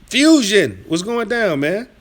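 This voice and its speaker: A man's voice: very animated, slow pace. Combative man ranting on a livestream. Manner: combative, trash-talking, rambling; swings from low muttering to loud yelling. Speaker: livestream host reading chat. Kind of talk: casual profane rant on a live stream.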